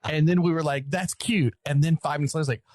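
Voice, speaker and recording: A man's voice: on the high side, rapid-fire, no echo. Man, Southern accent, casual chat, laughs often, dry sound. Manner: animated storyteller, laughs often, mimics voices. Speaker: podcast co-host.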